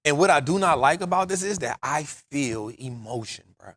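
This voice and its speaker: A man's voice: on the high side, expressive, moderate pace, fairly bright tone, no echo. A man, telling stories emphatically on a casual podcast, often saying "bro" and "real talk". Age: 40s. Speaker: podcast host.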